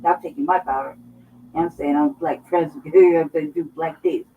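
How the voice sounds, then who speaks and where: A woman's voice: deep voice, fairly even intonation, fairly quick, slight background noise. A woman from Colorado co-hosting a casual political talk show, blunt and emphatic, swearing heavily as she makes her points. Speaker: co-host. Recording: dull, somewhat distant mic.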